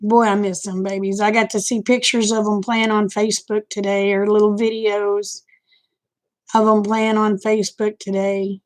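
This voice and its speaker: A woman's voice: medium pitch, little pitch movement, normal speed. An older woman, chatting casually and telling candid, folksy stories to her stream. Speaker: live-stream host. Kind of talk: casual chat storytelling.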